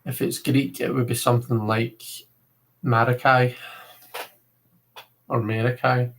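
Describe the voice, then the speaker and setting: A man's voice: medium pitch, little pitch movement, brisk, gravelly, a little hiss or hum, low-quality recording. A man with a Scottish accent hosting a casual livestream, chatting to viewers in a rambling way with lots of filler words. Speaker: livestream host.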